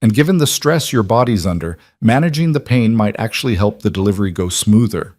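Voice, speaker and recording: A man voicing a calm, efficient woman doctor, brisk and encouraging. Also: lowish voice, no echo, studio quality.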